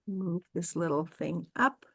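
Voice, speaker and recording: A woman's voice: fairly low pitch, measured pace, gravelly, a bit bright, husky. A woman guest minister giving a sermon over a video call, with friendly asides and a storytelling manner. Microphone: video call mic.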